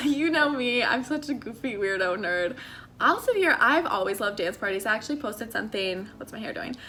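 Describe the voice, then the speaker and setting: A woman's voice: on the high side, lively intonation, a little fast, pushed and bright, slight background noise. A young American woman from Maryland, vlogging in a chatty, earnest, encouraging way with lots of fillers. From United States (Maryland). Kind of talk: casual faith-and-lifestyle vlog talk.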